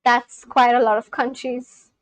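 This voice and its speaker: A woman's voice: on the high side, level tone, unhurried, no room sound, rough recording. A woman live-streaming, chatting casually with her viewers as she reads and answers their messages.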